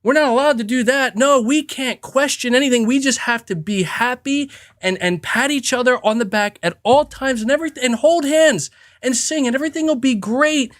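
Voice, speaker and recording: A man's voice: very high-pitched, normal speed, fairly bright tone. A man hosting a podcast who launches into a heated, profane, emphatic rant, stumbling and restarting as he talks. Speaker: podcast host.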